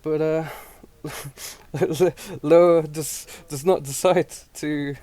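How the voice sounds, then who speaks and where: A man's voice: on the high side, steady tone, very slow, warm tone, no echo. A man co-hosting a podcast, chatting casually with mocking, profane jokes and frequent laughter. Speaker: podcast co-host.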